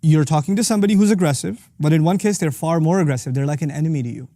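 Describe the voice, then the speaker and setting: A middle-aged man teaching a lesson on Quranic verses as host of his series, talking rapidly and breaking into quick Arabic recitation. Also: on the high side, mellow, no room sound, studio quality.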